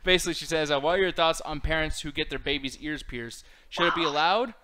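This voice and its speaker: A man's voice: fairly high pitch, fast, bright, forceful tone. A man hosting a casual podcast chat, laughing often and swearing casually. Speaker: host.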